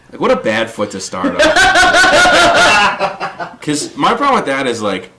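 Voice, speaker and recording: A man's voice: very high-pitched, wildly swooping pitch, drawn-out words, long pauses, very noisy. A young man, a stand-up comedian, chatting casually on a podcast, acting out quotes and laughing often.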